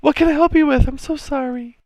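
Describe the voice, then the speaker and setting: A man's voice: extremely high pitch, steady tone, brisk, darkish tone, no echo, studio quality, pitched above the performer's own voice. A man voicing a frantic, over-apologetic young barmaid in a tabletop game. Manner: flustered, over-apologetic, squealing.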